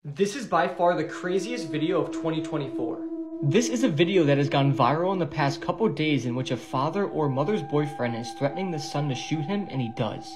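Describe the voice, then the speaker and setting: A man recounting a viral video step by step in a steady, matter-of-fact way. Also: a little high, fairly quick, music in the background. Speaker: video narrator.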